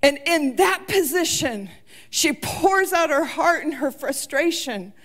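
A woman preaching a sermon with impassioned delivery, rising to shouts and near tears as she retells scripture. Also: sits high, animated, takes it slowly.

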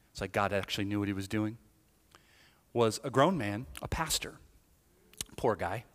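Animated man preaching in a big hall. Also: medium pitch. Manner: animated storytelling, acting out his younger self. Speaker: pastor. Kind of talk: sermon testimony. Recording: long hall reverb.

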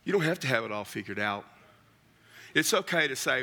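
A middle-aged preacher with a gravelly, medium-pitched voice that has a bright, forceful edge tells humorous stories in a folksy, joking sermon, calling listeners "man". He's animated and a little fast, with long pauses.

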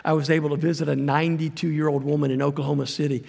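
Middle-aged preacher guy, super gravelly, bit high, folksy rambling sermon in a big echoey church. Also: little pitch movement, quick pace, a little mellow. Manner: folksy, rambling storytelling with self-deprecating asides. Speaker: guest preacher and missionary. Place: church sanctuary. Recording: long reverb of a church hall.

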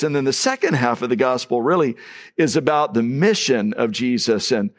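A man's voice: medium pitch, moderate pace. Earnest male pastor preaching. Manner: earnest preaching with fillers and restarts. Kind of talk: sermon.

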